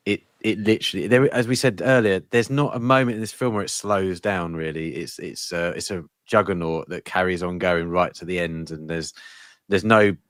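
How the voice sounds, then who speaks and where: Guy guesting on a film podcast, really low voice, laid back, dry mic. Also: a bit bright, dry recording. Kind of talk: casual film-review chat.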